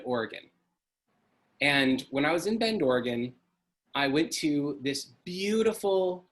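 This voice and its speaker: A middle-aged man tells a personal story in an earnest, emotional way. His voice sits a little high for a man. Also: a bit bright. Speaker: speaker.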